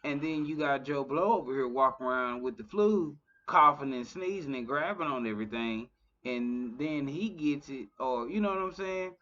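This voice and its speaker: A man's voice: mid-range voice, lively intonation, moderate pace, a bit bright. A man in his thirties in casual conversation as a podcast host, talking loosely with many filler phrases. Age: 30s. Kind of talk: casual chat. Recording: dull lo-fi audio.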